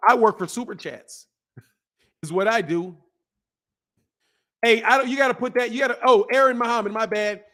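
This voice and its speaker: A man with a high, light voice holds forth on a casual live stream. He talks to his chat in an animated, repetitive way, hammering the same point again and again. He laughs often between points. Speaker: boxing commentary host.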